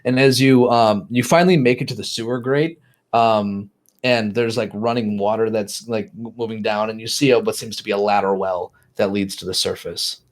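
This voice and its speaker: Halting man running a tabletop game. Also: lowish voice, fairly even intonation. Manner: halting, many fillers and restarts. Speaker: game master.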